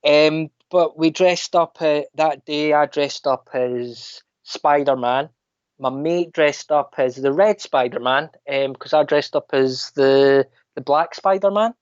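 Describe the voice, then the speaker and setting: A man with a Scottish accent, a podcast guest telling animated anecdotes in casual chat. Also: a little high, slow, clean tone, no room sound. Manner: animated anecdotes, mimics other people's voices. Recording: dull lo-fi dry sound.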